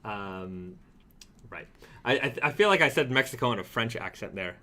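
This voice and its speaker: Bright-voiced man hosting a casual live stream. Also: on the low side, moderate pace, slight background noise. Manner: relaxed, reads viewer comments aloud with many fillers. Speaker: host of a brand's weekly live stream.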